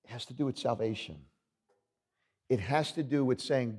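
A man preaching a sermon as pastor, emphatic and swinging between loud declarations and hushed words. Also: medium pitch, moderate pace, pauses often, slightly rough.

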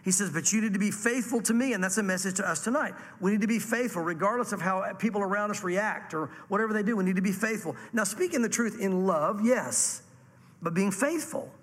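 High-voiced man preaching in a reverberant hall. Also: brisk. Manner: animated preaching, acting out quoted voices. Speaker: pastor. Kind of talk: sermon.

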